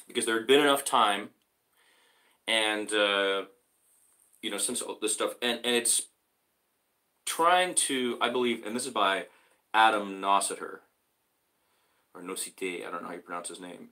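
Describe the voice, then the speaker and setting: Guy hosting his own little show, reading the paper out loud, lowish voice but bright and punchy, lots of uh and restarts. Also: poor audio. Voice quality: halting, with frequent fillers and restarts. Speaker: host. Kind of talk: casual solo show reading a newspaper aloud with commentary.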